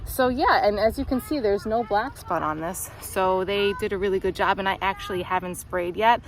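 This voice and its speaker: Woman farmer, casual upbeat vlog, a bit out of breath, medium pitch, faint outdoor hiss. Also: moderate pace, rough recording. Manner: chatty, upbeat, talking while walking the rows. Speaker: flower farmer. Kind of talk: casual walk-through vlog. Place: outdoors on a flower farm.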